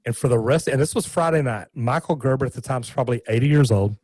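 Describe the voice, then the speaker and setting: A man, a guest in a casual interview, telling stories in an animated, folksy way with many restarts. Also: mid-range voice, fast, no echo, rough recording. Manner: animated, folksy, repeats words.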